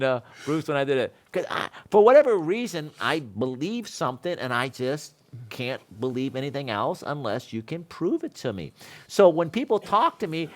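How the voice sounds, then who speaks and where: A middle-aged man leads a seminar in a loose, chatty way, telling anecdotes and laughing as he goes. His voice sits a little high and swings widely in pitch. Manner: animated storytelling with laughs. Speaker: seminar instructor. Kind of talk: casual classroom talk.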